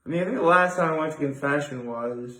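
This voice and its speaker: A man's voice: fairly high pitch, fast, bright, forceful tone. A young man hosting a daily video, rambling and digressing as he thinks aloud in a casual solo monologue. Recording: echoey room.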